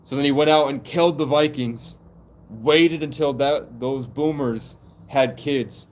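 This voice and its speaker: A young man with a medium-pitched voice livestreams a casual monologue at a measured pace, with slight background noise. His talk is loose and rambling, packed with "like" fillers.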